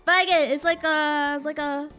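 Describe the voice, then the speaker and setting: High bright-voiced woman streamer. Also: steady tone, moderate pace, soft background music. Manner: dramatic, jokey, reads game text aloud. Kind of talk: casual game commentary and reading aloud.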